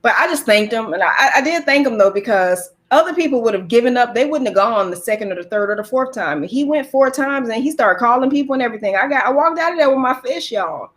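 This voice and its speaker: A woman with a high voice tells a funny story to a church group. She is animated, laughs often and talks straight to her listeners. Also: fast talker, few pauses.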